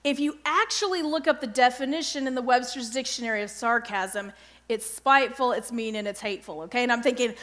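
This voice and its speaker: A middle-aged woman giving an earnest devotional Bible teaching, often pausing to check in with her listeners. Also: fairly high pitch, a bit bright. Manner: earnest, keeps checking in with "okay?".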